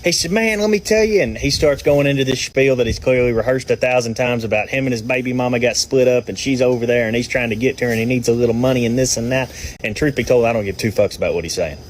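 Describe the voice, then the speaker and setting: A man's voice: mid-range voice, fairly even intonation, quick pace, slight background noise, low-quality recording. Blunt, profane man telling a story. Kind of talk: casual storytelling.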